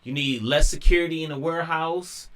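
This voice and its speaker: A man's voice: fairly high pitch, brisk, fairly bright tone. A man talking casually in a rambling monologue, full of slang and restarts. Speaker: commentator.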